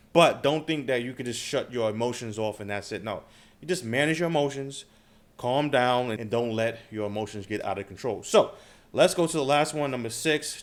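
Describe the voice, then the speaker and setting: A man talks casually to his viewers about trading, with a plain voice in the middle range. He keeps checking in with little questions as he goes. His talk is loose and unscripted. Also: medium pitch. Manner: conversational, frequent filler questions like "okay?" and "right?". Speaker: trading channel host.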